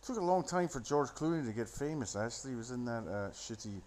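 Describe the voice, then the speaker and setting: A man's voice: medium pitch, lively intonation, fast, darkish tone. A man rambling into a phone, giving a sardonic, profane running commentary on a film. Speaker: solo commentator.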